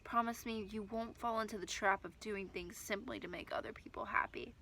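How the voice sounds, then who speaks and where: A woman voicing a gentle mother in whispered role-play, speaking in a hushed, earnest whisper. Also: mid-range voice, steady tone, brisk, creaky. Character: gentle, sad-eyed mother giving quiet advice.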